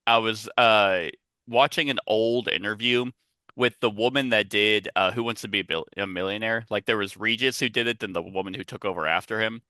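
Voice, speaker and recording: A man's voice: on the low side, fairly quick, sharp tone, no echo. A man hosting a podcast in casual chat, rambling and chatty with lots of asides, talking on a headset. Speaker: podcast host.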